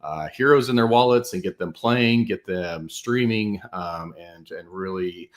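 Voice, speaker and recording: A man with a very low voice chats casually online. He jokes freely and tosses in quick asides as he talks about his plans. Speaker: project representative.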